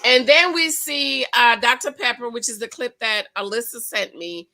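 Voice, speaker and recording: A woman hosting her own channel, chatting through a reality TV recap with gossipy asides and quick exclamations. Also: on the high side, pushed and bright. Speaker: channel host. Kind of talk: casual reality TV recap commentary.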